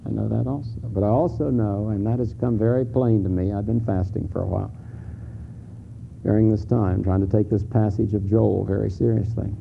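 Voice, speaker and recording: A middle-aged pastor with a lowish, creaky voice preaches briskly and in a steady tone from a church sanctuary. He's candid and conversational, stumbling through restarts before climbing to emphatic peaks. The sermon is captured in lo-fi, phone-style audio with faint hiss.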